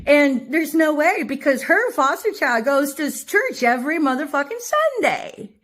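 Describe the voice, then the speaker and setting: A woman's voice: high-pitched, very animated, a little slow, a bit bright. A woman telling a rambling story in a casual vlog, laughing often and swearing freely. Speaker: vlogger. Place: her cousin's home.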